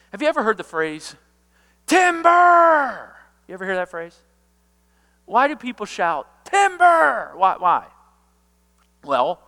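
Man, pastor, sermon, high voice, unhurried delivery, shouts for emphasis, echoing church. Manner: dramatic, shouts key words, acts out quotes.

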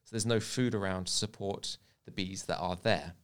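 A man's voice: sits low, fairly even intonation, moderate pace, fairly bright tone, clear, resonant tone. A man in casual chat, explaining things at length and sprinkling his sentences with "like". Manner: explaining, filler-heavy with frequent "like".

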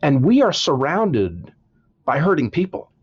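Here the same kind of interview guest, a male author, offers sermon-like advice with heartfelt earnestness, leaning on repeated words to drive points home. He speaks unhurriedly at a fairly high pitch, very animated, with a breathy edge, though the recording is muffled.

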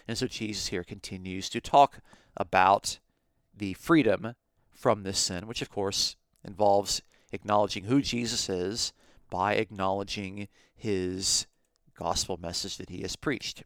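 A man's voice: on the low side, a little slow, clean tone, dry recording, studio quality. A man teaching a podcast Bible lesson, explaining his points methodically and step by step.

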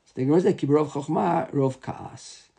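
A man's voice: a little high, a little fast, vocal fry, warm tone, slightly rough. A man with a slightly raised voice leads a class. He reads the source passages aloud, then explains them in plain English, stumbling over and repeating words as he thinks. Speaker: Talmud teacher. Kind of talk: Talmud class lecture.

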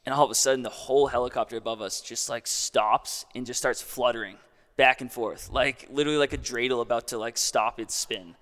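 A man's voice: mid-range voice, a little fast, a bit bright, long reverb tail. A young man casually telling a long story as a guest, in a laid-back way full of "like".

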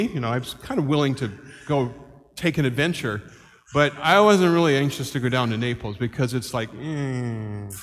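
A man in his sixties, a priest preaching a homily as a lively story and acting out the voices of the people in it. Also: mid-range voice, normal speed, big-room sound. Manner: animated, acts out quoted voices. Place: church.

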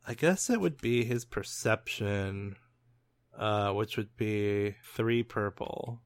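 A man running a tabletop role-playing game, calm and matter-of-fact. He narrates scenes and asks for dice rolls in an easy, casual way. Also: lowish voice, takes it slowly, clean tone. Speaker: game master.

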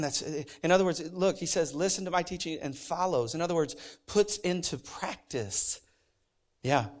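A pastor preaching a sermon in a church, animated and emphatic, with joking asides. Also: male voice, fairly high pitch. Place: church sanctuary.

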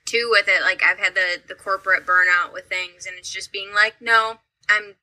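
Woman, very bright sharp voice, chatty podcast talk, lots of "like" fillers. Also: mid-range voice, little pitch movement, normal speed, rough recording. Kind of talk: casual podcast conversation.

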